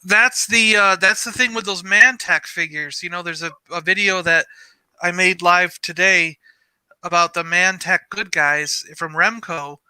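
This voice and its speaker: A male toy podcast host rambles through stories in casual chat. His voice is high, very bright and crisp. The sound is dry and close. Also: steady tone, unhurried, dry recording, low-quality recording. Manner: rambling, filler-heavy storytelling.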